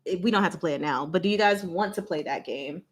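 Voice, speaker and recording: A young woman hosting a casual livestream, chatting with viewers, speaking slowly and deliberately and laughing often. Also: fairly low pitch, slightly rough. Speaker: channel host.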